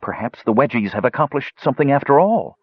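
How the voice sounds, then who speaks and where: A man voicing a calm, watchful woman companion in a fantasy audiobook. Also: mid-range voice, quick pace, slightly rough, no room sound, dull audio, pitched above the performer's own voice.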